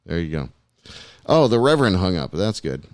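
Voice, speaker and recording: A man's voice: low voice, big pitch swings, moderate pace, no room sound. A man hosting a podcast alone in the studio, chatting casually and rambling while he plays clips. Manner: loose, rambling, self-deprecating. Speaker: podcast host. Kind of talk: casual talk show chat. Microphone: studio mic.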